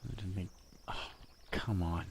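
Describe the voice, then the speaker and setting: A man walks students through a software lesson from his home, chatty and joking, often talking to himself as he works. His voice sits on the low side and has a gravelly texture. He speaks at an unhurried, drawn-out pace. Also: slight background noise. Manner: chatty, joking, talks to himself while working. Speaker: teacher. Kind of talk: casual screen-recorded software lesson.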